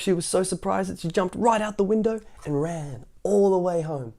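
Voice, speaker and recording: A man's voice: on the high side, normal speed, darkish tone. A man reading a children's picture book aloud, in a playful way with chatty asides between passages. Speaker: children's story reader.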